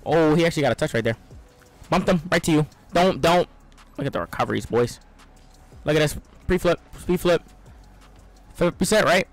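At a moderate pace broken by long pauses, a young gaming streamer talks through his own gameplay, excitable and trash-talking, alternating between loud outbursts and low mutters.

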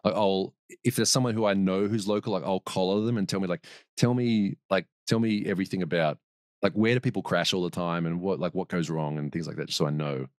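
A man's voice: low-pitched, fairly even intonation, a little fast, no echo, clean studio sound. A man as a podcast guest, telling a long story in a rambling way, with restarts and laughs. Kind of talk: casual storytelling.

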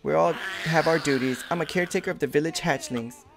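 A man's voice: on the high side, fast talker, gravelly, noisy background. A man voicing a busy, earnest female lizard caretaker of hatchlings in a game.

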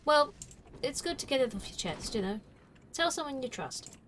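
A woman's voice: sits high, very animated, moderate pace, a bit bright, a little hiss or hum. A woman streaming a video game, chatting playfully and talking to herself as she plays. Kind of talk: gameplay commentary. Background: game music.

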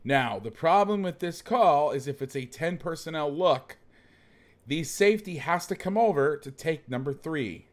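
A man's voice: fairly high pitch, moderate pace. A man hosting a casual football film breakdown, talking like a coach and cracking jokes. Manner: joking, animated coach talk. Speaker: host breaking down game film.

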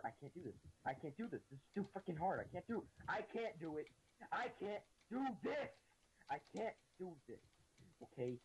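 A man's voice: on the high side, a little mellow, slight background noise, poor audio. A man playing a game with a friend, talking in a profane, teasing, ranting way. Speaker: gamer. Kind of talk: gaming commentary with a friend.

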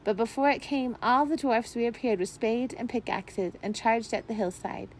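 A woman reading a children's chapter book aloud, expressive and gentle with an occasional slip. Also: a little high, normal speed, a little hiss or hum, rough recording. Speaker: volunteer reader. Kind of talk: storytime read-aloud.

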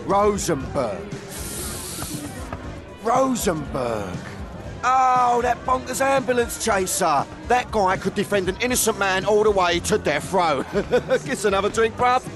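An actor with an English accent playing a sleazy, boastful music-industry hustler in a video game, with a cocky, slangy swagger and music playing behind him. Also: male voice, sits high, lively intonation, unhurried. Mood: mocking.

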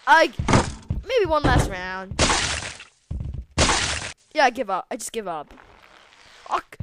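A woman commentating a video game, excitable, yelling at the game and trailing off into mumbles. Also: a little high, takes it slowly, pauses often. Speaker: let's play gamer. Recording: loud background noise.

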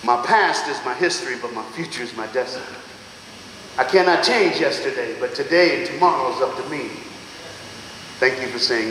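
A man giving a motivational speech to students, animated, calling out to the crowd, laughing often and swinging from loud to hushed. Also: mid-range voice, normal speed, a little hiss or hum. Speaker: motivational speaker. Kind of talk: school assembly motivational speech. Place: large school auditorium or gym. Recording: echoey hall with long reverb.

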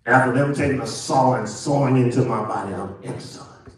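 A man, pastor, preaching a sermon and swinging from loud to hushed. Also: mid-range voice, fairly even intonation, fairly quick. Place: church sanctuary. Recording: echoey church from far off.

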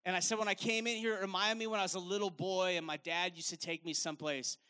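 A man preaches a sermon in a strikingly high, forceful voice. He talks in a loose, conversational way and drives his points home by repeating phrases. The energy stays up throughout. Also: steady tone, quick pace, clear, resonant tone. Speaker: evangelist preacher.

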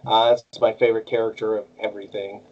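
A man's voice: on the low side, fast talker, highs cut off, slight background noise. A man who voices cartoons, chatting casually as an interview guest and jumping between bits of character voices. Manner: animated, jumps into character voices. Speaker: voice actor guest.

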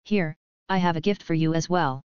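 A woman's voice: low-pitched, normal speed, darkish tone, smooth, no room sound, lightly acted. A woman reading a dreamy young witch girl. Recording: dry, slightly dull lo-fi.

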